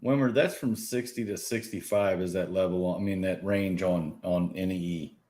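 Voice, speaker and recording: A man's voice: deep voice, normal speed, a little mellow. A man co-hosting a live trading stream, mostly giving short agreeing replies in casual chat.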